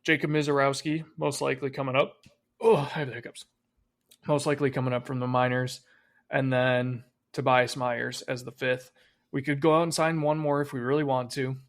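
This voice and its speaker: A man's voice: mid-range voice, level tone, moderate pace. A man co-hosting a podcast, talking casually about sports, swearing freely and trailing off with fillers. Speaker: podcast co-host.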